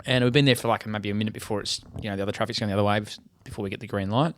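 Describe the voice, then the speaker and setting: Animated, swearing Australian man. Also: lowish voice, very fast, background noise. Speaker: podcast co-host. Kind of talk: casual storytelling chat.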